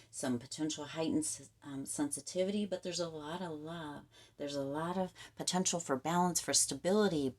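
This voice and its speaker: Low gravelly woman giving a tarot reading. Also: darkish tone. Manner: emphatic, repetitive coaching talk. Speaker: tarot reader.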